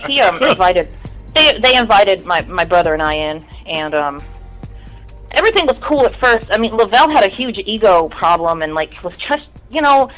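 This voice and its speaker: A woman's voice: medium pitch, big pitch swings, normal speed, a bit bright, soft background music, rough recording. Profane, candid woman telling a story. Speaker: musician guest. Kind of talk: casual interview storytelling.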